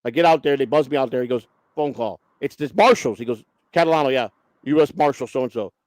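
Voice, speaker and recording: A man's voice: medium pitch, fast talker, darkish tone, dry recording. A man hosting a casual chat, telling a long story bluntly, with lots of swearing and restarts. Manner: blunt, profane, rambling with many restarts. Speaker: host.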